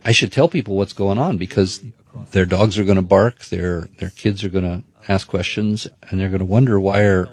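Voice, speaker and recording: A man's voice: low-pitched, moderate pace, husky. A man in his seventies, a city council member, plainly and indignantly recounting events in an interview. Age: 70s. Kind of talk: interview recollection.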